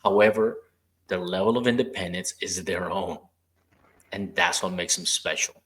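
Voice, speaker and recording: A low-voiced man hosts a relaxed podcast conversation. He tells stories from his therapy work and acts out what people said. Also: moderate pace. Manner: storytelling, acting out quoted dialogue. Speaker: podcast host; former rehab therapist. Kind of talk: casual interview chat.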